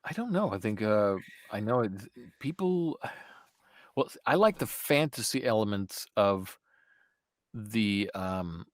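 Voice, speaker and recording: Lively, low-voiced man being interviewed. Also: takes it slowly, dry recording. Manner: animated and playful, jumping between loud bursts and soft asides. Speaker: guest voice actor. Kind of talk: casual podcast interview chat.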